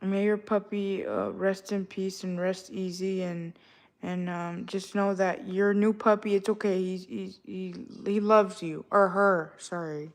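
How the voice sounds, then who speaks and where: A woman's voice: mid-range voice, steady tone, a little slow. Young woman ranting casually to her chat. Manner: ranting, slang-heavy, exasperated. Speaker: livestreamer talking to chat.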